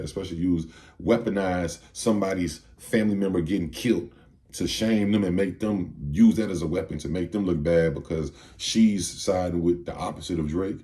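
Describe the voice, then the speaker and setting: A man's voice: low voice, mellow. A man giving a heated, profane commentary rant, firing off rhetorical questions. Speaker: video commentator.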